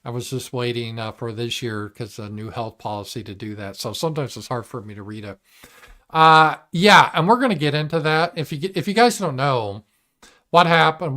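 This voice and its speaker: A man's voice: medium pitch, fairly bright tone. A man hosting his own livestream show, giving a blunt, profane commentary monologue and reading viewer messages aloud. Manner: blunt and profane, mimics opponents in mocking voices; reads viewer super chats aloud. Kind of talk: casual political commentary monologue.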